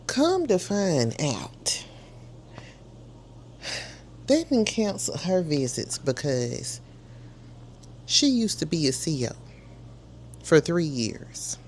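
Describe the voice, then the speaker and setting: A woman's voice: low voice, very animated, drawn-out words, long pauses, a little hiss or hum. A woman hosting a casual reality TV recap, chatty and slangy, scolding the people on the show as she retells it.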